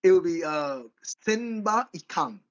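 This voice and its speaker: A man's voice: sits high, expressive, fairly quick, muffled recording. A man co-hosting a podcast in casual chat, rambling and correcting himself as he goes, with frequent laughs. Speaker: podcast co-host.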